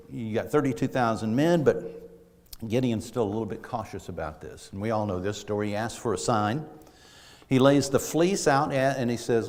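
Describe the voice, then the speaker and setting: In a church sanctuary, a middle-aged man with a mid-range, slightly mellow voice preaches a conversational sermon. He tells stories in a folksy style, frequently restarting his sentences, and the recording carries the long reverb of a church hall.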